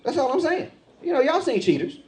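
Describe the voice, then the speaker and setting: A middle-aged man doing stand-up comedy on a club stage with a handheld mic, jumping into loud, high voices when he acts out other people. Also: big pitch swings, a little fast. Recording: live club with loud crowd laughter.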